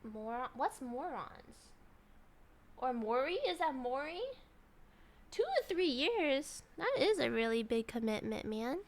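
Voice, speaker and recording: A woman's voice: high voice, expressive, takes it slowly. A young woman streamer chatting casually with her live chat, rambling with lots of "like" and restarts.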